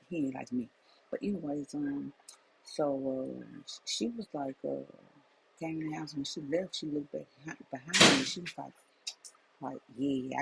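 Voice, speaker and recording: A woman's voice: deep voice, gravelly, slight background noise, low-quality recording. A middle-aged woman, a life coach, telling a personal testimony as a faith message in an emphatic, repetitive storytelling manner.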